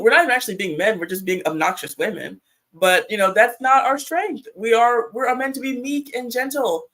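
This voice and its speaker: A woman's voice: on the high side, poor audio. Hesitant woman guest in a discussion. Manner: hesitant, many "um" and "like" fillers. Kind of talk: casual group discussion.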